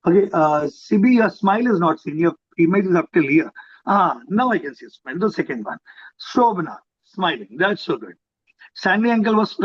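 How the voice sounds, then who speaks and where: A middle-aged Indian-accented man speaks to parents in a fairly high voice, repeating phrases and acting out little scenes. The sound is dull and lo-fi, as heard through a video call. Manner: animated, repeats himself, acts out parents and children. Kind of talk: motivational talk on a video call.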